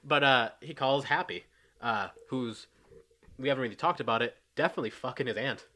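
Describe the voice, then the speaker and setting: A man's voice: medium pitch, brisk, sharp tone. Laid-back, profane podcast co-host guy. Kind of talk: casual chat recapping a film.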